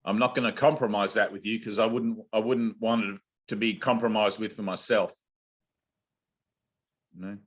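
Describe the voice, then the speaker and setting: A man's voice: fairly low pitch, fairly bright tone. A man leading a spiritual group session over a video call, blunt, intense and coaxing. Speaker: spiritual teacher.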